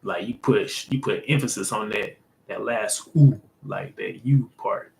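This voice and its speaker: A man walks through a lesson in an easygoing, rambling way, leaning on fillers and punctuating points with "boom". His voice sits on the low side, and he takes his time. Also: measured pace, gravelly, slight background noise, rough recording. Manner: loose, filler-heavy explaining, says "boom". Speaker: host. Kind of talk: casual language lesson.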